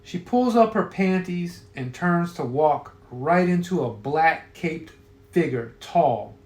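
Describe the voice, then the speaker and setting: A man's voice: a little high, slow pace. Profane man telling a story in an echoey room. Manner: profane and offhand. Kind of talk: crude casual storytelling.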